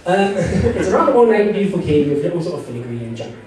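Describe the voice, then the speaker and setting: In a far-off, echoey recording full of crowd noise, a high-pitched, slightly mellow man talks fast and very animatedly. He's game-mastering a live text-adventure for a convention panel audience, rambling with jokes, frequent laughter, and many "you know" asides.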